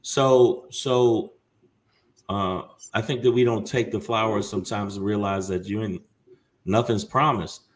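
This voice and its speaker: A man's voice: lowish voice, steady tone, a little slow. A man, a comedian guest, talking casually in an interview and joking, sometimes slipping into mock voices.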